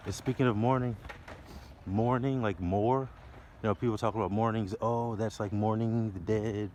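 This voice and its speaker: Lowish guy walking around outside talking wordplay stuff, laughs a lot, cars going by faintly. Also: slight background noise. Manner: free-associating, playful, laughs often. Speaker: vlogger. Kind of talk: rambling walk-and-talk wordplay musings. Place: outdoors by a library building near traffic. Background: passing cars and city sounds.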